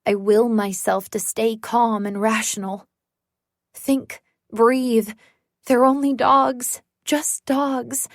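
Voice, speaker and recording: A woman narrates a first-person thriller audiobook, her voice sitting a little high. She reads very slowly, letting the tension build. The sound is dry and close. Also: steady tone, dry recording.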